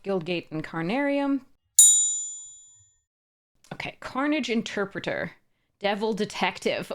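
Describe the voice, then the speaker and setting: Chuckly woman opening card packs. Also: lowish voice. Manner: reads card text aloud, chuckles often, restarts mid-sentence. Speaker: trading card box-opening host. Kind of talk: casual unboxing narration.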